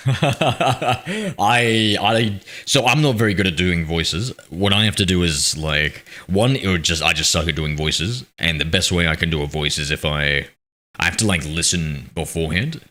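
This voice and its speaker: Deep, bright-toned male game streamer. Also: measured pace. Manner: rambling, self-deprecating, reads chat aloud. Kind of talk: casual live-stream chat. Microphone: streaming mic with noise suppression filter.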